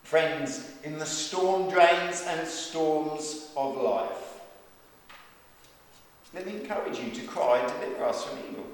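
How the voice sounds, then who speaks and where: Slow, earnest man preaching in a hall. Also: fairly high pitch, animated. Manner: earnest, emphatic preaching with repeated calls. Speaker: pastor. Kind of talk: sermon and closing prayer. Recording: echoey hall from far off.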